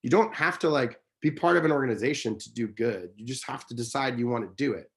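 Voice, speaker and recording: A man's voice: mid-range voice, fast, slightly rough. A man speaking as an interview guest, telling stories in an earnest, passionate, emphatic way that rambles and corrects itself. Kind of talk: casual conversational storytelling.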